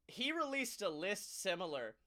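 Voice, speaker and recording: A man co-hosting a casual wrestling podcast, telling stories in an animated, profane way and laughing often. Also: high voice, normal speed, a little hiss or hum. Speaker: podcast co-host.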